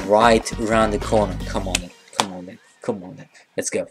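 A woman commentating her own game play, excitable and swearing at opponents, with faint game music behind. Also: extremely low pitch, moderate pace, few pauses, noisy background. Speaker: gamer.

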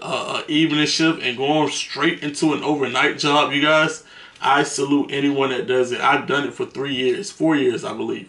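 A man's voice: mid-range voice, vocal fry, a bit bright. A man telling stories to the camera in a casual, slangy, profane way, laughing between them. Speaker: vlogger. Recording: roomy echo.

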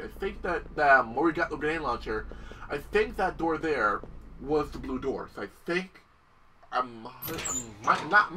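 A man giving casual, excitable commentary over his gameplay, shouting and squealing when something surprises or disgusts him. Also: a little high, far from the mic. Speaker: gaming video host. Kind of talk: casual let's-play commentary.

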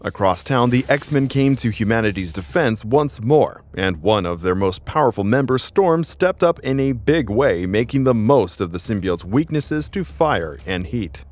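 A man's voice: mid-range voice, expressive, moderate pace, few pauses, a little mellow. A man giving dramatic scripted narration of a comic story.

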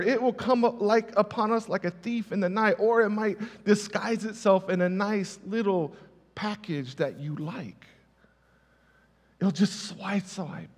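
A male pastor giving a conversational sermon with personal stories, stressing key words by repeating them. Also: high voice. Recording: reverberant hall.

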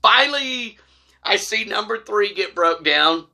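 A man telling a funny personal story to camera, animated and laughing as he acts out the voices. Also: high voice, measured pace, creaky. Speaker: storytelling vlogger.

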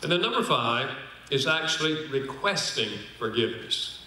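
Lively intonation marks this older man's medium-pitched, sharp voice, delivered at a moderate pace. He tells stories in sermon-style teaching at a conference, performing the quoted lines and joking with the crowd. A distant mic captures roomy hall sound with a little hiss or hum.

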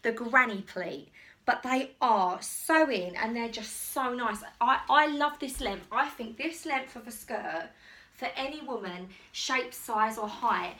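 A woman's voice: a little high, unhurried, bright, forceful tone. A woman vlogging casually at home in a chatty, rambling, enthusiastic way while trying on clothes. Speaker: fashion vlogger. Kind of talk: casual try-on haul chat. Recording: echoey room, distant mic.

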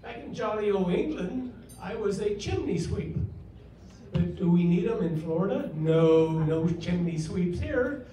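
A loud, jokey chimney sweep turned undertaker, played by a man cracks jokes at a live event. His voice is high yet mellow. The sound is very echoey and distant, with faint noise behind. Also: animated, measured pace.

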